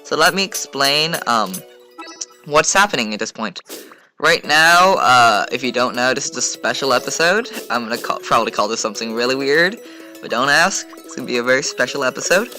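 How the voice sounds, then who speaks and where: A man's voice: mid-range voice, animated, brisk, pushed and bright, faint music behind. A man casually commentating over his gameplay video, rambling and full of fillers. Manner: rambling, filler-heavy, chatty. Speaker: gaming channel host.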